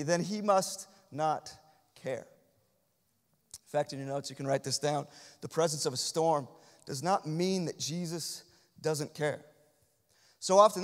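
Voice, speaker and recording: A man preaching a sermon as pastor, swinging from hushed, quiet lines to loud emphatic repetition. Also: a little high, big-room sound. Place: church sanctuary.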